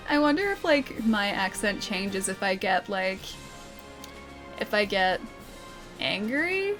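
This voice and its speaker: A woman's voice: medium pitch, big pitch swings, slow pace, long pauses, a bit bright, soft background music. A young Australian woman streaming a game, chatting casually with her chat and laughing often.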